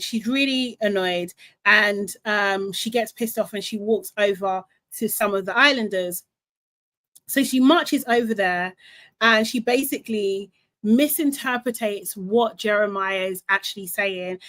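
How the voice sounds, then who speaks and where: A woman hosting a casual live recap, retelling the drama in a chatty, animated way with some swearing. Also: medium pitch, no room sound. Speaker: reality show recap host.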